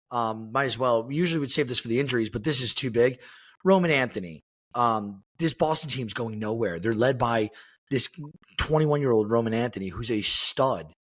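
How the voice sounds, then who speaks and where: A man with a medium, slightly bright voice co-hosts a podcast. The sports chat is casual, and he rambles with many fillers and restarts.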